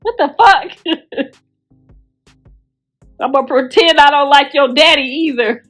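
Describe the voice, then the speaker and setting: A woman's voice: high voice, slow, fairly bright tone, faint music behind. A middle-aged woman ranting bluntly and profanely on a phone livestream. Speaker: livestream host.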